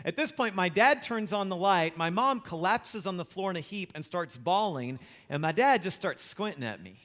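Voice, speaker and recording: A man's voice: high voice, moderate pace. Wry storytelling pastor, a man. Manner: lively humorous storyteller, wry and self-mocking. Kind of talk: storytelling sermon.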